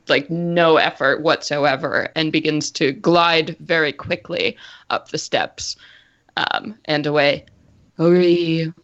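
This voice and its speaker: A woman's voice: low-pitched, fairly bright tone, highs cut off. A woman narrating a tabletop game as game master, telling the scene in a chatty, descriptive way with many fillers.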